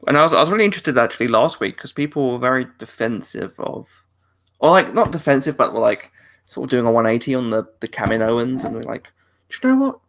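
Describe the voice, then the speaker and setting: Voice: mid-range voice, quick pace, vocal fry, a bit bright. A British podcast co-host in casual live chat, talking in rambling restarts and laughing often. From Britain.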